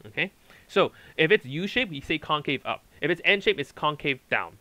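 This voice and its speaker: A man's voice: on the high side, lively intonation, normal speed, bright, forceful tone, no room sound, poor audio. A man tutoring calculus at a whiteboard, explaining step by step and checking in often with "okay" and "right". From Hong Kong. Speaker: math tutor.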